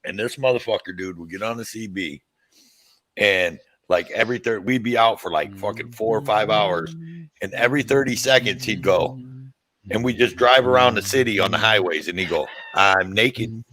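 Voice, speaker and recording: A man's voice: on the low side, moderate pace, sharp tone, dry recording, low-quality recording. A man hosting a podcast, telling stories in a rambling, profane, casual way. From Tennessee. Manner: rambling, profane, laughs at his own stories. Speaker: podcast host. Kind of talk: casual storytelling chat.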